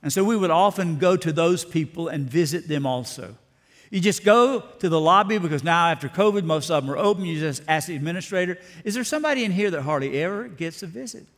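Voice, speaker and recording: A pastor gives a folksy, storytelling sermon. His man's voice sits a touch high for a man. It rings out with a long echo as though he is in a large sanctuary. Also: animated, fast. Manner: folksy, storytelling, down-to-earth preaching. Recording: long hall reverb.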